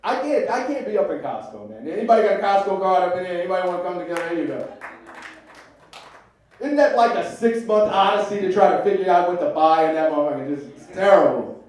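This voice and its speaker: A man's voice: high-pitched, expressive, quick pace, darkish tone. A man doing a stand-up comedy set in a comedy club, telling stories in a loose, profane way. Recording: echoey club from far off.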